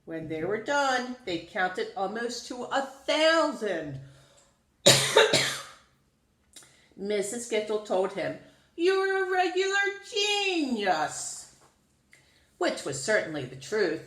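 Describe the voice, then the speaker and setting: A woman reading a children's storybook aloud in an expressive, sing-song storytelling manner. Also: medium pitch, takes it slowly, long pauses. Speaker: storybook reader. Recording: roomy echo.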